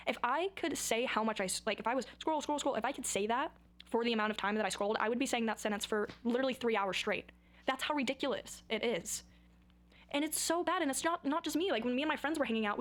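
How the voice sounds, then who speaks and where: Bubbly rambling young woman vlogger. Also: on the high side. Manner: rambling, goofy, self-mocking. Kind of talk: casual chat to camera.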